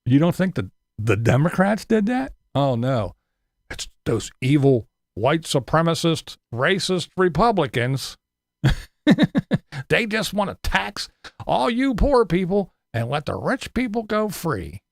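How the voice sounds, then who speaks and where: Gravelly, animated ranting man. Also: fairly high pitch, unhurried, no echo, clean studio sound. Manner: profane, sarcastic, mocking mimicry. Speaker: live streamer. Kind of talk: casual livestream rant.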